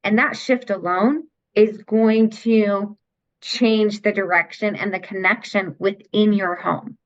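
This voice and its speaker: A woman's voice: mid-range voice, fairly even intonation, slow pace. A middle-aged woman, a mentor for teens, explaining earnestly and patiently as a guest in an interview. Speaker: guest, teen mindset mentor. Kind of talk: podcast interview conversation. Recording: dull lo-fi sound.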